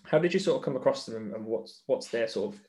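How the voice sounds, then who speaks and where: A man's voice: mid-range voice, animated, quick pace, a little mellow. A man hosting a podcast, asking a guest about a band in a casual, hesitant way with many fillers and restarts. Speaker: podcast host. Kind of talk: casual chat.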